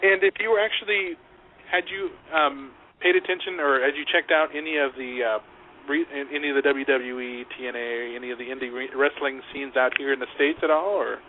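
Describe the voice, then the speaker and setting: Male host, mid-pitched, stumbling polite interviewer, thin phone-quality sound, faint hiss. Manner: halting, polite questions with many restarts. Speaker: radio show host. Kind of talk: casual interview.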